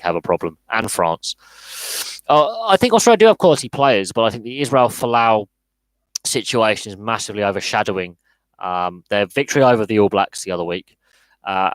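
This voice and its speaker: A man's voice: on the low side, no echo, rough recording. A man hosting a live sports podcast, speaking bluntly and often repeating words as he restarts his sentences. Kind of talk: live podcast Q&A, casual opinionated chat.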